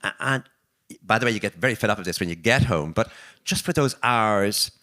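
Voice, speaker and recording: An older Irish author talking with an interviewer at a live book event, telling reflective anecdotes with restarts and lively quoted voices. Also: male voice, on the low side, a little fast. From Ireland. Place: arts venue, live audience.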